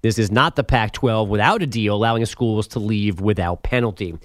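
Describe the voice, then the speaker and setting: A man reading sports headlines as a radio host, brisk and joking. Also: on the low side, no echo, clean studio sound. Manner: brisk, joking newsreader delivery. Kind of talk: sports headlines read with banter.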